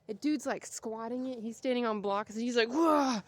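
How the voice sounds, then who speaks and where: Woman, chatty and rambling, a bit breathless, fairly high voice, walking outside. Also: steady tone, a little fast, darkish tone, no echo. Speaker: vlogger. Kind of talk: casual walking vlog. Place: outdoors, walking on a street.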